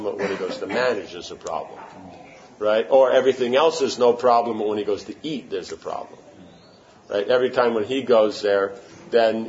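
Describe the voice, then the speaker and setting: A man giving an informal devotional talk, conversational and often asking if his point makes sense. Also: fairly low pitch. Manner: conversational, often checks for understanding. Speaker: spiritual teacher. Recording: slightly muffled recording with faint room noise.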